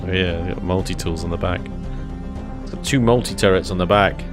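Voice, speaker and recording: A man's voice: sits low, brisk, over music. A man chatting casually while live-streaming a building game, thinking aloud and chuckling often.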